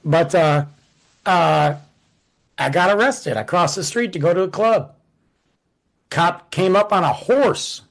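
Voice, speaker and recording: A man in his forties, co-hosting a podcast, telling stories in a casual, animated way and acting out the quotes. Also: high voice, slow, vocal fry, pauses often, low-quality recording. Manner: animated, acts out quotes with shifting voice. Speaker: podcast co-host. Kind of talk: casual storytelling chat.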